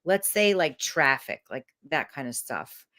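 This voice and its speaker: A woman's voice: low-pitched, measured pace. A woman coach giving a candid, emotional motivational talk to camera, swearing freely. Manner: animated.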